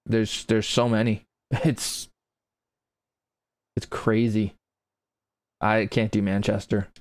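A man's voice: on the low side, little pitch movement, takes it slowly, dry recording. A man casually commenting while playing a golf video game, chatty and self-deprecating, rambling between shots. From grew up with English parents, not in Britain. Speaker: gaming streamer playing golf.

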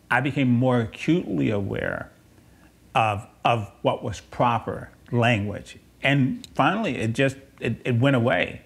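A man preaching a conversational sermon, rambling and correcting himself, with asides and soft chuckles. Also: mid-range voice, breathy edge.

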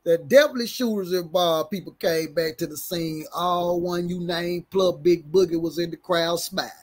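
A man's voice: on the high side, moderate pace. A man giving casual, slangy commentary, stumbling over big words as he reads a report aloud and jokes with his viewers. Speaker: reaction commentator.

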